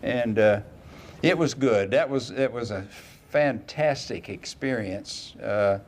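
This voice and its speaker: An older man as an interview guest, telling folksy stories and acting out quoted lines in lively voices. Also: mid-range voice, slow pace. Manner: folksy anecdotes, quoting others in lively voices. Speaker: interview guest, retired racing driver. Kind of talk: casual storytelling interview.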